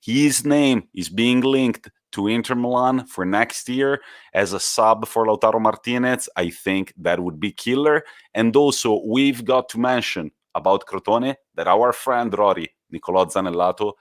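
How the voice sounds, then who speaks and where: A man co-hosts a football podcast in a casual, enthusiastic way. His voice sits on the low side. The sound is dry and close, with no room around it. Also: moderate pace, no room sound. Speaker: podcast co-host.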